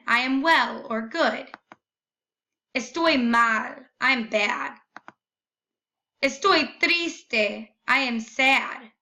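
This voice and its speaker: A young woman teacher walks through a lesson, slowing down to model each phrase with care. Her voice sits a little high and sounds bright and forward. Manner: slow, careful modeling of phrases. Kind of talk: recorded classroom lesson.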